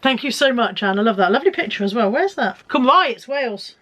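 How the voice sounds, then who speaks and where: A woman's voice: a little high, lively intonation, fast, fairly bright tone. A middle-aged woman chatting casually and joking at her own expense while unboxing parcels. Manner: chatty, self-mocking, fiddling with packages as she talks. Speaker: vlogger.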